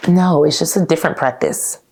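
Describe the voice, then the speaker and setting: With a low, darkish voice and a slightly fast pace, a young podcast host chats candidly through her personal story. She calls her audience "y'all," laughs now and then, and uses plenty of fillers like "like."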